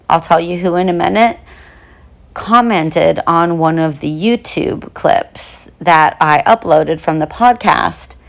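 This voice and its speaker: A young woman hosting a true crime podcast who talks in a chatty, bubbly way with lots of fillers. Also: lowish voice. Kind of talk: casual podcast monologue.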